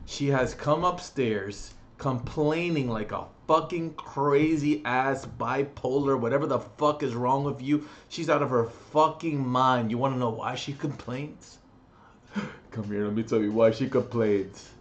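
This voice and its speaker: A young man ranting angrily on his vlog, profane and agitated, with sudden loud outbursts. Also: mid-range voice, lively intonation, a little slow. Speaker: vlogger.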